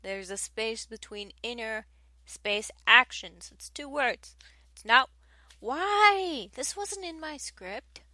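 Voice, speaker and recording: A woman's voice: a little high, sharp tone, no room sound. A young woman reading radio segment intros, giggling and tripping over her lines as she mocks herself. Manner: giggly, stumbling over lines, self-mocking. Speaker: student radio host. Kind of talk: casual blooper-filled radio announcements.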